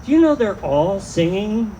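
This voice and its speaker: A man's voice: high-pitched, very animated, unhurried, mellow, a little hiss or hum, low-quality recording. A man doing a rambling, self-deprecating stand-up set in an outdoor tent, often trailing off mid-thought. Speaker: stand-up comedian.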